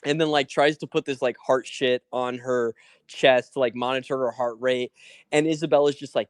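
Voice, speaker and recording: A young man tells a long story in a loose, rambling way, packing it with "like" and playing out what everyone said. His voice sits at an ordinary middle pitch. The sound is dry and close, with no room around it. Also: fairly even intonation, normal speed, smooth, dry recording. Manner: rambling, full of "like" and acted-out quotes. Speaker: guest telling a story. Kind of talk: casual storytelling on a live call.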